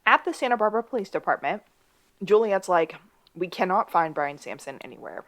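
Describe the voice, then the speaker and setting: A woman co-hosting a podcast, recapping a TV episode in relaxed, chatty talk with dry asides. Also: lowish voice, a little fast. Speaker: podcast co-host. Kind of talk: casual chat recapping a TV episode.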